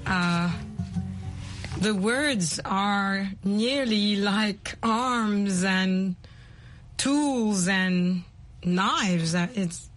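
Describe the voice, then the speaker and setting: A woman hosting a language program, speaking slowly and carefully and switching between two languages as she explains. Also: mid-range voice, soft background music. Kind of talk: bilingual teaching chat.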